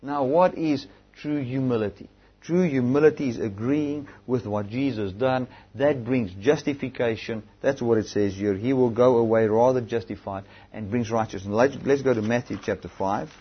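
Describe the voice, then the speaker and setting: A man preaching a sermon, moving between emphatic, raised exhortation and quieter scripture reading. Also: mid-range voice, normal speed, breathy edge. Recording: dull, lo-fi recording.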